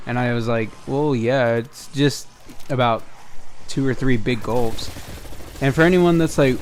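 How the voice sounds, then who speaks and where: A man's voice: mid-range voice, normal speed, slight background noise. A young man hosting a storytime video, casually recounting a tale over gameplay, acting out the dialogue and swearing freely. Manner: animated retelling, acts out dialogue, frequent swearing. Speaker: storytime gaming channel host.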